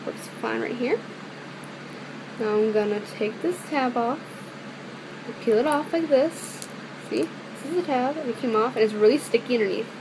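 A woman's voice: fairly high pitch, moderate pace, long pauses, background noise. A woman chatting casually as she demonstrates a beauty product at home, rambling with lots of fillers. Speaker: beauty vlogger. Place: her room at home.

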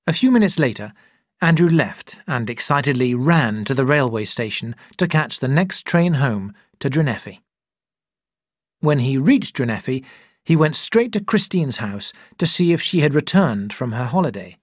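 A narrator reads a story for English learners at an unhurried pace. The voice is slightly husky, and the recording is dry and close. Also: medium pitch, expressive, no echo. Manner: clear, deliberate reading.

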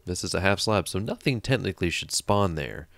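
Gaming host, male, deep with a creaky edge, rambles and mutters to himself. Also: expressive, a little fast, fairly bright tone, no echo. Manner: chatty, thinks aloud, mutters counts under his breath. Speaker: let's play host. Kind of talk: casual gameplay commentary.

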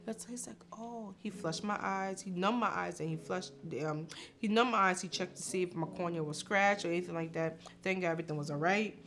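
A woman's voice: on the low side, brisk, faint music behind. A young woman telling a personal story, laughing and acting out what others said. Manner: animated, laughing, acts out quotes. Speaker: vlog host. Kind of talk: casual storytelling.

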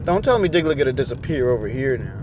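Behind the wheel and vlogging, a young man rants angrily, cursing the whole time. His medium-pitched voice is sing-song and fast, with background noise in the car.

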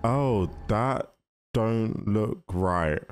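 A man hosting a casual movie reaction, chatty and excitable, talking straight to the characters on screen. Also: fairly low pitch, extremely slow, soft background music. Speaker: reaction video host.

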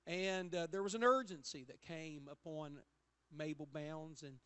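High-voiced preacher man. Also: unhurried, smooth. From Appalachia. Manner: storytelling preacher, builds to loud emphatic calls. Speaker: pastor. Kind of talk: sermon. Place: church sanctuary.

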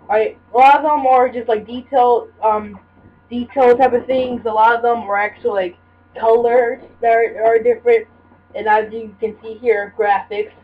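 With a voice on the high side and fairly even intonation, a young woman talks at a normal speed while playing a video game. Her let's-play commentary rambles along, full of fillers and restarts, in lo-fi audio that sounds dull and lightly hissy.

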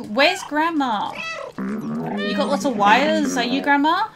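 A woman's voice: high voice, huge pitch swings, measured pace, a loud crowd. A woman giving casual let's play commentary, chatting to viewers and swearing at game characters.

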